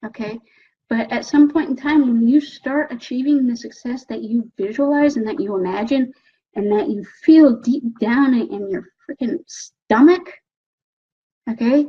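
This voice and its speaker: Woman, motivational speaker, coaxing and animated, husky voice, muffled lo-fi recording. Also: fairly high pitch. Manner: animated and coaxing, keeps asking "okay?". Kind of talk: motivational talk. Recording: dull lo-fi recording.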